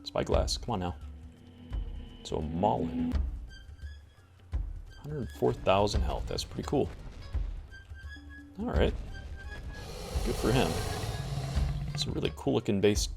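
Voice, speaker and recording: Low raspy guy talking thru his game, voice swings up and down a lot. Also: very animated, slow, pauses often, a little mellow. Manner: chatty, talks to himself while playing. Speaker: gameplay video creator. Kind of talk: casual gameplay commentary. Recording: music playing behind the voice.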